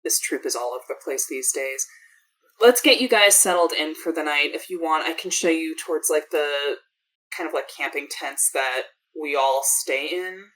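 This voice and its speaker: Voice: medium pitch, normal speed, a bit bright, lightly acted, low-quality recording. A game master voicing an exhausted, sarcastic woman who works as a medic in a clown troupe, talking in a dry, weary way that trails off. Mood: apologetic. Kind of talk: tabletop game role-play.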